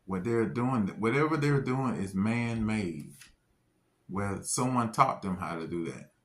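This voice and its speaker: Slow, deliberate man giving testimony. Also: lowish voice, animated, a bit bright. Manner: slow, deliberate, earnest, stresses key phrases. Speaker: testimony speaker. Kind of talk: religious testimony.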